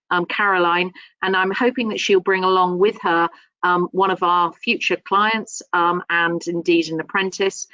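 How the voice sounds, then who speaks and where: A woman hosting a webinar, hesitant with many pauses and effusive in her thanks. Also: lowish voice, a bit bright, no room sound, highs cut off. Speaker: webinar host.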